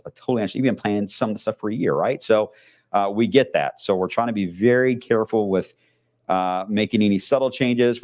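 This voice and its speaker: A man's voice: sits low, darkish tone. A man with a Southern country accent, a TV meteorologist chatting casually on a weather livestream, mumbling and rambling with lots of fillers.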